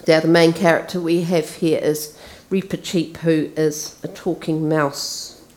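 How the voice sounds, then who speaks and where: Slow lowish-voiced woman preaching, chatty with ums. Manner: relaxed, conversational with fillers. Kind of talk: sermon with story reading.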